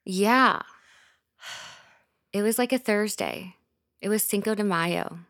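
A woman hosting a podcast, telling a personal story in a casual, animated way, with lots of fillers and swearing. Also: mid-range voice, takes it slowly. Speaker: podcast host.

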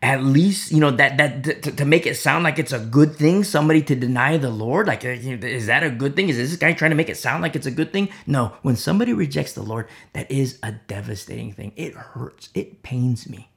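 A man's voice: medium pitch, lively intonation, fairly quick, gravelly, few pauses, a bit bright. A man preaching an informal sermon, impassioned and rambling, with many fillers and repeated phrases.

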